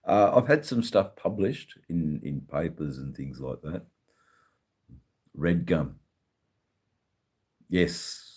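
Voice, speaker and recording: A middle-aged Australian man hosting a casual livestream, chatting with viewers in a halting way, full of ums and repeated words, swearing now and then. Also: rumbling low, big pitch swings, darkish tone, husky. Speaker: livestream host.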